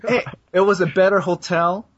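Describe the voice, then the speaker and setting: His voice sits high with a breathy edge, keeping a steady tone and moderate pace. He's a male podcast co-host in a casual, rambling chat full of fillers and laughs, captured with dull lo-fi sound quality.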